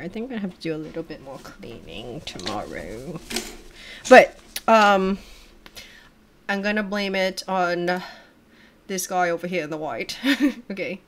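A woman's voice: lowish voice, noisy background. A young adult woman hosting a casual reaction livestream from her home desk, chatty, laughing often and swearing casually.

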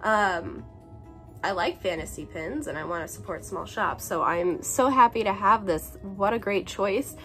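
A woman's voice: medium pitch, unhurried, sharp tone, faint music behind. A woman in her twenties chatting casually as she unboxes gifts, bubbly and gushing, a little sick with a cough. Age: 20s. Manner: bubbly, gushing, breaks into brief song bits. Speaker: YouTuber unboxing a swap package.

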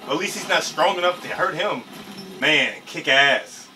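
A young man hosting an anime reaction, chatting casually in slang and breaking into excited shouts. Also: fairly high pitch, measured pace.

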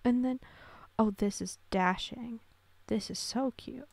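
A woman's voice: fairly high pitch, takes it slowly, gravelly, darkish tone, no echo. A young woman giving casual, gushing commentary while playing a computer game, cooing over tiny characters. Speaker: gaming creator.

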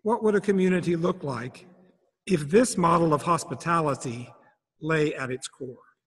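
Man giving a sermon, higher voice, slow and thoughtful, lots of questions, big church echo. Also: breathy edge. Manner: reflective, asks many questions. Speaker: preacher. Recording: long church reverb.

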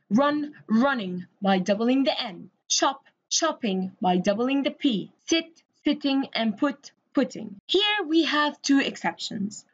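A woman's voice: high voice, highs cut off. A woman from Egypt, an English teacher giving a recorded grammar lesson, explaining step by step and spelling words out letter by letter.

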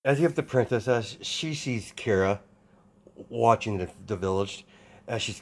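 A man improvising fan-fiction narration in a casual, halting way, with many restarts and fillers. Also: on the low side. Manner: hesitant, full of restarts and fillers. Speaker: storyteller.

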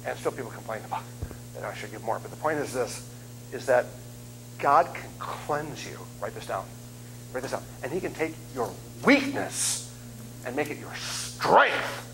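A man in his fifties preaching as a guest speaker, telling funny stories in an animated, self-deprecating way. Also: mid-range voice, normal speed, gravelly, slight background noise, rough recording. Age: 50s. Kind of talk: humorous sermon storytelling. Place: church sanctuary.

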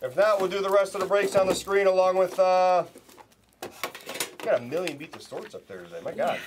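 A man hosting a live card break, calling out pulls to viewers with excited, hyped commentary and the odd swear. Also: high voice, a little fast, noisy background.

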